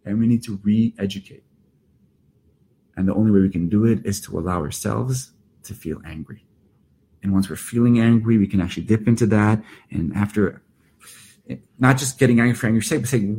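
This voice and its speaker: A middle-aged male therapist and workshop leader talks fast in a lowish, slightly mellow voice with a breathy edge. His podcast monologue is earnest and reflective, with emphatic restarts.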